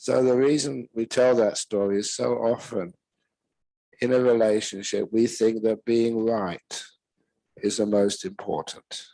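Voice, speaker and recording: An older man with a British accent, a monk giving a relaxed Dharma talk full of humorous stories, chuckling at his own jokes. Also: fairly low pitch, slow, gravelly, pauses often, no echo, rough recording.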